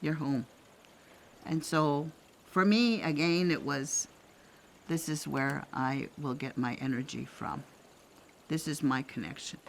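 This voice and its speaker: An older woman from Canada, an elder telling a personal story in a gentle, reflective way, pausing often and laughing softly. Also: deep voice, vocal fry, slight background noise. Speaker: elder sharing traditional teachings.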